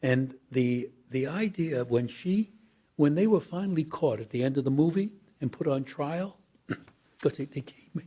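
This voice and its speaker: A man's voice: fairly high pitch, dark tone, breathy edge. An older man, an actor as a guest, telling long rambling anecdotes in an interview and acting out the voices he quotes. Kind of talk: storytelling interview.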